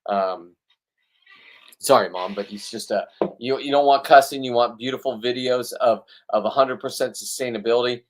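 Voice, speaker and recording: A man records a casual fishing vlog outdoors. He rambles bluntly and pokes fun at himself. His pitch sits in the middle. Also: moderate pace. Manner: blunt, rambling, self-deprecating. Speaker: fishing vlogger.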